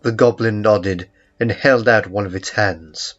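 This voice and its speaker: Male audiobook narrator, measured delivery, unhurried, soft background music. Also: fairly low pitch, fairly even intonation. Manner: slow, measured storytelling. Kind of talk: first-person audiobook narration. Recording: muffled lo-fi recording with faint music.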